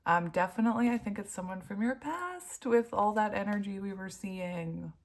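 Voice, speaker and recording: A woman's voice: mid-range voice, lively intonation, moderate pace. A woman giving a casual tarot reading at home, giggly and gushing, laughing often and turning emotional. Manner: emotional, heartfelt. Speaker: tarot reader.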